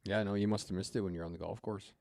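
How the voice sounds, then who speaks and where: A man's voice: deep voice, steady tone, fast, gravelly, darkish tone. A man co-hosting a golf podcast, tossing in joking asides in casual chat. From Saskatchewan, Canada. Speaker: podcast co-host.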